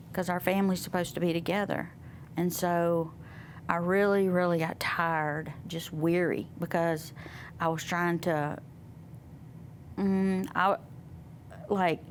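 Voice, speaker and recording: A woman guest sharing a personal testimony in conversation, soft and reflective, pausing often. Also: on the low side, slight background noise. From Southern United States. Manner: soft, reflective, with many pauses and fillers. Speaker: interview guest.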